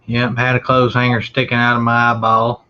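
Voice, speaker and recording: Folksy man with a bright voice. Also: mid-range voice, completely flat delivery, moderate pace. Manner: folksy, joking, drawling. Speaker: host. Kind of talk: casual chat. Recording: dull lo-fi sound.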